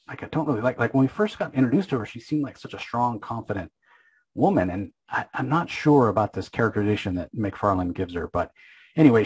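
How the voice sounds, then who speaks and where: A man's voice: lowish voice, breathy edge, poor audio. A man casually recapping a comic book issue, rambling and opinionated, with lots of filler words.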